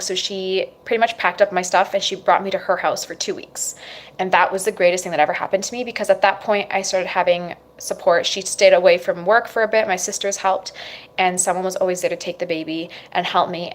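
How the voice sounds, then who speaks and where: A woman's voice: fairly low pitch, fairly even intonation, quick pace. A young woman, a mother, candidly telling her personal story to camera, with frequent fillers. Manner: candid, emotional at times, many fillers like "like".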